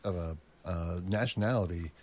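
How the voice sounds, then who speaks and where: Hesitant low-voiced man in casual chat. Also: darkish tone, a little hiss or hum. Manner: hesitant, halting with fillers.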